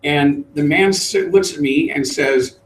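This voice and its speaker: A middle-aged man, a trainer, telling a lively story to a live group and acting out the voices. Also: fairly high pitch, unhurried. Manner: animated storyteller, acts out voices. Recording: roomy, distant mic.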